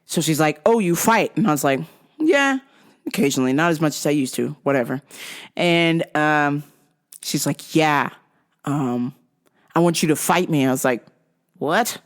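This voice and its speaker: A woman's voice: sits low, normal speed, long pauses. A woman hosting a podcast, casually telling profane stories, acting out other people's lines and laughing at her own jokes. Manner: acts out quoted voices. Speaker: podcast host. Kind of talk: casual storytelling.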